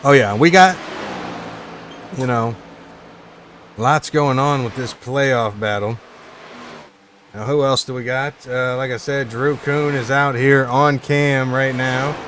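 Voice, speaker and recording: Man, live-stream race commentator, casual chatty delivery, reads chat, average pitch. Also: steady tone, takes it slowly, long pauses, a bit bright, slight background noise. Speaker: sim racing stream commentator.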